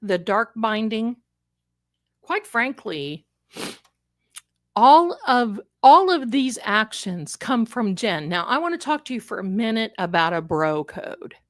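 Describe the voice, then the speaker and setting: A woman hosting a casual livestream, talking in an animated, emphatic way and speaking straight to her viewers from an indoor room. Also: fairly high pitch, slow, no room sound, studio quality. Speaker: livestream host.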